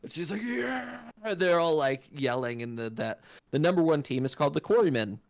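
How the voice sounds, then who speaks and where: A man runs a tabletop fantasy game with animated storytelling, acting out sound effects as he describes the scene. His voice sits in an ordinary middle range and is recorded dry and close, with no room echo. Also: medium pitch, brisk. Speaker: game master.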